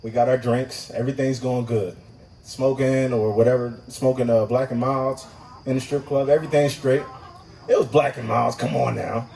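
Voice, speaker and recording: A man's voice: mid-range voice, normal speed, creaky, distant mic, poor audio. A man doing stand-up at an open mic, telling a profane story and acting out the people in it. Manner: profane, animated, acts out voices in his story. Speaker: stand-up comic. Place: live open mic venue.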